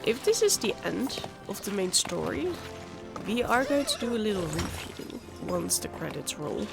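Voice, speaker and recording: A woman's voice: mid-range voice, very animated, normal speed, gravelly, over music. A woman hosting a gaming channel, talking through a game in a chatty, candid way while nursing a sore throat. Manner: chatty, candid, muttering asides. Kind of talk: casual let's-play commentary.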